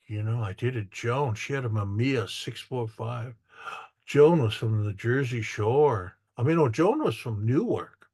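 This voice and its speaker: A man's voice: medium pitch, dry recording. Older man telling rambling stories. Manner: rambling, repeats words, jokes with the audience. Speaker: photographer giving an artist talk. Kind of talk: casual storytelling talk.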